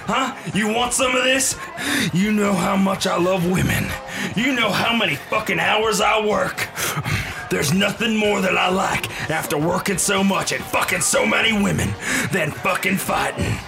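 A man playing a crude, cocky, brawling tough guy who yells taunts. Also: high voice, unhurried, gravelly, over music. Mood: swaggering. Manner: swaggering, yelling taunts.

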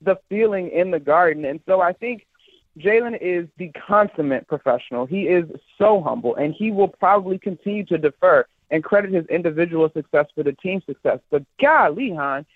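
A woman basketball broadcaster calling in as a guest, telling stories with lively enthusiasm. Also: on the low side, brisk, no room sound. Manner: animated, enthusiastic storyteller. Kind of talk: casual sports talk on a call. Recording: tinny phone line.

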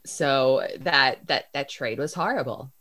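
A woman's voice: very deep voice, a little slow, fairly bright tone. A woman co-hosting a casual sports podcast, chatty, groaning often and restarting her sentences. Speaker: podcast co-host.

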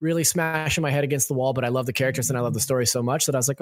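A man talks on a podcast with easy enthusiasm, rambling loosely as he explains his views. His pitch is ordinary for a man. The recording is dry and close-miked. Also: steady tone, very fast, dry recording. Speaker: podcast co-host. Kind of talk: casual podcast chat.

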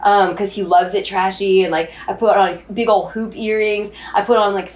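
A woman's voice: medium pitch, fairly even intonation, normal speed. A young adult woman co-hosting a podcast, telling a candid story in casual chat and swearing freely. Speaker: podcast co-host.

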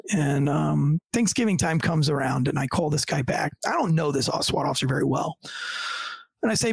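A man who works as a police officer tells a story in a casual, profane way and acts out what other people said. His voice is gravelly and a little husky, and he sits a bit high in pitch. The recording is close and dry. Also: fast talker, dry recording. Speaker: police officer telling a story as podcast guest.

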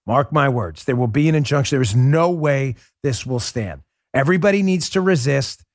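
A man from New York City hosting a podcast, delivering a heated, sarcastic political monologue that rises into shouts. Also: mid-range voice, expressive, normal speed, no room sound, studio quality. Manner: combative, sarcastic, rising to shouts. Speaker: podcast host.

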